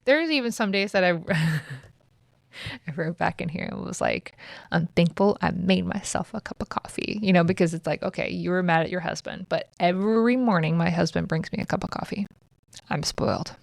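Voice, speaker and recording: A woman's voice: on the low side, animated, a little fast, vocal fry, no echo, studio quality. A woman in her thirties hosting a podcast, talking casually and bluntly, swearing freely as she gives self-help tips. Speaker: podcast host.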